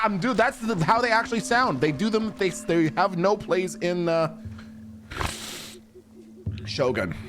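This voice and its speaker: Animated, profane male streamer. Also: sits high. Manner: animated, profane banter with chat. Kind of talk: casual live gameplay commentary.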